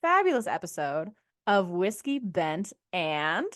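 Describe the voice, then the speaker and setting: A woman co-hosting a podcast in casual chat, enthusiastic and warm toward her co-host, closing out the episode. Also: lowish voice, big pitch swings, slow pace, no echo, clean studio sound. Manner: enthusiastic, wraps up the show with plugs.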